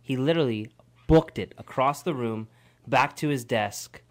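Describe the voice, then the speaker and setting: A man's voice: mid-range voice, normal speed. A man co-hosting a live radio show in casual banter, laughing and teasing his co-hosts at a studio mic. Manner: animated, laughs often, teasing. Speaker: radio co-host.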